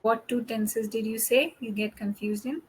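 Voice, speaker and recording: A woman English tutor giving a one-on-one lesson, explaining grammar patiently and slowing down for her examples. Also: on the high side, fairly even intonation, slightly rough, rough recording.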